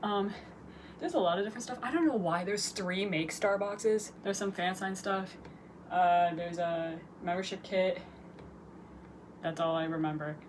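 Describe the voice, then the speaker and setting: A young woman casually chatting through an unboxing, excitable and chatty, gasping and swearing at cute finds. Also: fairly low pitch, unhurried. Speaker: vlogger unboxing K-pop merchandise. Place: bedroom with posters. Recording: home recording with audible background noise.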